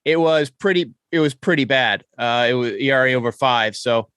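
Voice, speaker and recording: A man's voice: medium pitch, moderate pace, a bit bright, smooth, dry recording, clean studio sound. A man hosting a casual sports podcast, reeling off stats and correcting himself as he goes. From New York. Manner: stat-heavy, enthusiastic, self-correcting. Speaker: podcast host.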